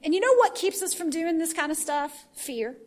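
High-voiced animated woman preacher. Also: normal speed. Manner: animated, swinging from hushed to shouting. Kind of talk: sermon.

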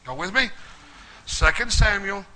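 A middle-aged male pastor preaching a sermon, telling a story in a folksy, animated way. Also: high-pitched, measured pace, low-quality recording. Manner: folksy, animated storytelling with Southern turns of phrase.

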